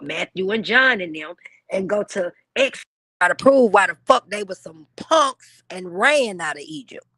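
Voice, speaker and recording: A woman's voice: mid-range voice, fairly bright tone, breathy edge, dry recording. A woman hosting a livestream, ranting in a blunt, profane and preachy way. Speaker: livestream host. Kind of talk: heated livestream rant.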